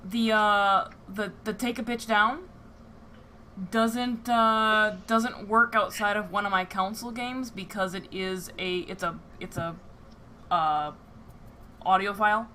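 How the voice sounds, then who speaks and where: Woman GM host, bright tense tone, loose and profane. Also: mid-range voice, fairly even intonation, slow pace, a little hiss or hum. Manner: filler-heavy, joking, swears freely. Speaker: game master and streamer. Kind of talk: casual live-stream chat.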